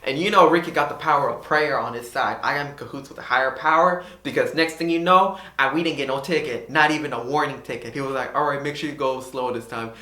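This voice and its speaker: A man's voice: mid-range voice, fast talker, few pauses, sharp tone. A young man telling a rambling story in a casual vlog, acting out his own and others' lines. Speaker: vlogger. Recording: echoey room.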